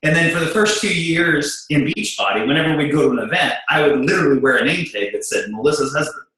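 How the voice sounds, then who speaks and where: A man's voice: on the high side, quick pace, heavy reverb, low-quality recording. A middle-aged man speaking candidly and bluntly about working in business with his wife, acting out the back-and-forth. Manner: blunt and animated, acting out quoted exchanges. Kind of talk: candid storytelling to an audience.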